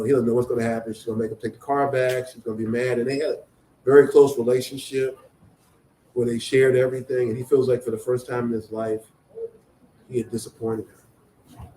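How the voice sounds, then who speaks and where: A man's voice: mid-range voice, dark tone. A man, an author at a book event, telling a story and acting out the dialogue of the people in it. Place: event venue. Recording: echoey room, faint noise.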